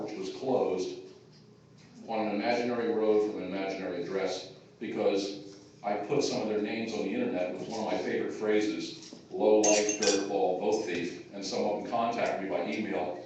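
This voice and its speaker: The chairman of a taxpayers' group, lowish and dark in tone, addresses a gathering in a loose, rambling speech packed with filler words. Captured from a distance on a phone in an echoey hall, the audio is dull with a little hiss or hum.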